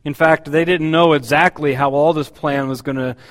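A man's voice: a little high, fairly even intonation, moderate pace, a bit bright, long reverb tail. A man preaching a sermon as pastor, talking in a conversational, hesitant way with many fillers.

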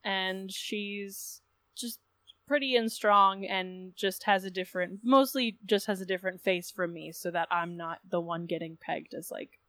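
A woman's voice: medium pitch, measured pace, fairly bright tone, dry recording. Chatty swearing woman player. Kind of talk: playing a tabletop game.

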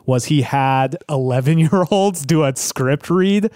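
A man with a slightly high voice jokes through casual podcast chat, swearing now and then. The sound is dry and close. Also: unhurried, a little mellow, no room sound. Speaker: podcast co-host.

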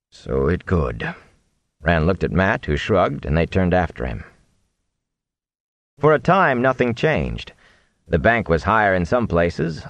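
A man narrates a fantasy audiobook. His voice sits low but moves around a lot as he tells the story. The recording is dry, with no room sound. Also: dry recording, lo-fi sound.

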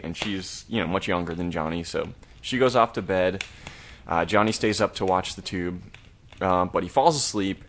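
A man's voice: low voice, a bit bright, slight background noise. A man co-hosting a horror review podcast, recapping an episode in a rambling, laid-back way with the odd curse. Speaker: podcast co-host. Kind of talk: casual plot recap.

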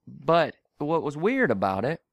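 A man's voice: a little high, a little slow, vocal fry, no room sound. A man telling a story in casual, profane fashion, acting out the voices and laughing often. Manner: animated, profane, acts out voices, laughs a lot.

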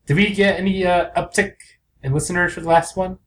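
Brief: young male podcast co-host, dry and sarcastic, fairly high voice. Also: brisk. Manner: sarcastic, deadpan asides. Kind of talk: casual comedy chat.

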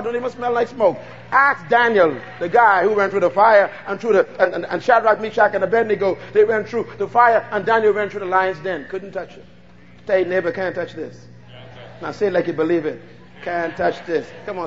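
A man's voice: high-pitched, fairly bright tone, in a large hall, highs cut off. A Bahamian man preaching a fervent sermon, calling out to the congregation for responses.

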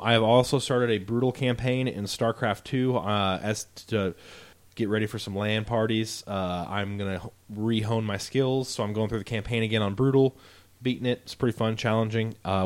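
A man co-hosting a gaming podcast, rambling and joking through casual chat. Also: lowish voice. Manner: jokey, rambling. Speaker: podcast co-host.

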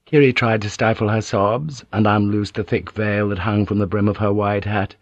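A man narrating an unabridged audiobook with even, deliberate reading. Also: on the low side, dry recording. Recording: dull, dry audiobook tape.

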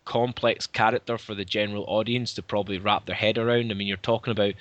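A man's voice: fairly low pitch, little pitch movement, quick pace, a bit bright, no echo, highs cut off. A man, co-hosting a casual fan chat and often searching for words. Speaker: podcast co-host.

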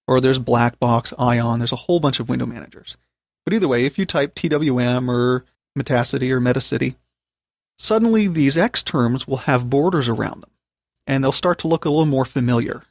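A man's voice: mid-range voice, vocal fry, no echo. A man hosting an audio tutorial, patiently spelling out computer commands step by step. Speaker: podcast host teaching a topic. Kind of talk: spoken tutorial.

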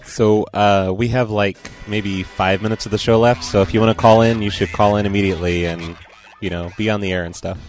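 A man's voice: lowish voice, fairly even intonation, a little fast, faint music behind. A man hosting a call-in radio show, laid-back and teasing with callers. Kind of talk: casual call-in radio chat.

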